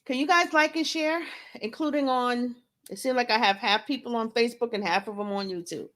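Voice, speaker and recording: A woman's voice: a little high, a little fast, a bit bright. Chatty woman hosting a home livestream. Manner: chatty, greets viewers by name, playful asides. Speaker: livestream host and author. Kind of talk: casual live-stream chat.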